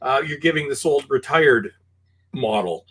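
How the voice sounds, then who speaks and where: A man from Canada with a Canadian accent, a podcast guest talking films in an animated, halting way full of fillers. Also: mid-range voice, breathy edge. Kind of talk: casual film discussion.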